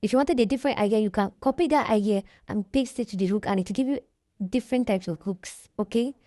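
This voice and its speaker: A woman's voice: fairly high pitch, fast talker, warm tone, dry recording, studio quality. A woman giving a casual screen-share tutorial, reading the on-screen text aloud and explaining each step in a chatty way. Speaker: tutorial creator.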